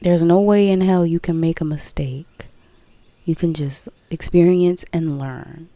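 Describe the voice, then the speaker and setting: This woman's voice is low, warm and unhurried, with fairly even intonation and no echo. As a spiritual vlogger she talks casually and candidly about her path, emphatic, repeating phrases, swearing and laughing.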